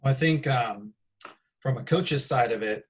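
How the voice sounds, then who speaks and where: A man with an average-pitched voice interviews a former player from the coach's side. He talks in a measured, thoughtful way, dropping the odd "you know" as he works through his points. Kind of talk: casual interview talk.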